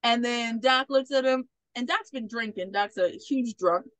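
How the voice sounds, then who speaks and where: A woman hosting a podcast, recapping a movie in a casual, animated and profane way. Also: on the high side, moderate pace, dry recording. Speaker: podcast host.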